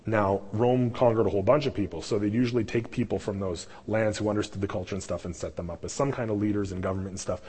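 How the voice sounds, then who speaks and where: A low-voiced man delivers a sermon in a loose, conversational way, restarting phrases and leaning hard on key words. His voice is a bit husky, and a long reverb trails behind him in a church hall. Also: steady tone, quick pace, hardly any pauses, a little mellow. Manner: conversational, with frequent restarts and emphatic stresses. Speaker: pastor. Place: church sanctuary.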